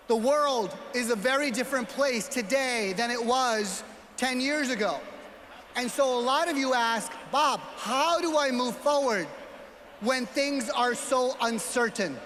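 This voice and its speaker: A man from New York with a New York accent, giving a motivational speech as a gala speaker and telling a story while often shouting out to the crowd. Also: extremely high pitch, a little hiss or hum. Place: large banquet hall. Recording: hall reverb, faint ambience.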